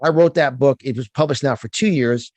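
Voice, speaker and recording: A middle-aged man with a New York accent speaks as an interview guest; he's a motivational speaker and business coach. His medium-pitched, slightly mellow voice moves fairly quickly with no room sound, and he's emphatic and fired up, often restarting his words in this passionate conversational exchange.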